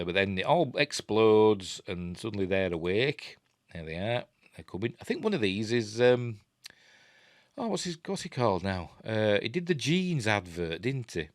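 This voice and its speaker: A man's voice: sits low, no room sound, studio quality. A middle-aged man with a Yorkshire accent, giving a rambling, chatty film breakdown full of fillers. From Yorkshire, England. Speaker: film reviewer. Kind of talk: casual film breakdown commentary.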